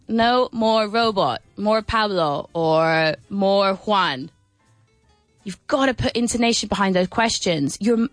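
In a radio studio, a woman with a slightly high voice presents an English lesson over the air. She keeps it lively and playful with many laughs, and her questions rise and fall in an exaggerated sing-song. There's no room sound.

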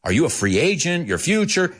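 Lively playful man hosting a show. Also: a little high, brisk, husky. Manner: playful, mixes Spanish glosses, laughs often. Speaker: show host teaching English. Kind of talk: casual bilingual radio-style show.

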